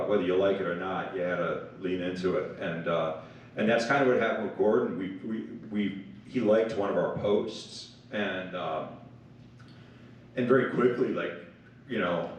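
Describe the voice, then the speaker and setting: A man, a company founder, telling a chatty anecdote on a panel, full of fillers. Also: low-pitched. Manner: chatty, self-described blabbermouth, many fillers. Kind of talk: casual anecdote on stage. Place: large event hall. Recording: echoey hall, mic far off, faint noise.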